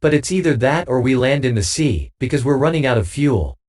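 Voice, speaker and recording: A man's voice: mid-range voice, lively intonation, fairly quick, a little mellow, close to an everyday voice. A man doing a dry, wry pilot. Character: dry, unflappable male bush pilot.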